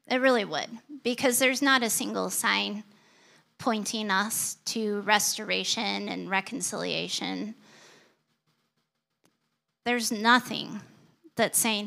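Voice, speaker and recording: Slow, earnest woman pastor preaching. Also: mid-range voice, gravelly, pushed and bright. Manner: personal storytelling, earnest. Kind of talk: sermon.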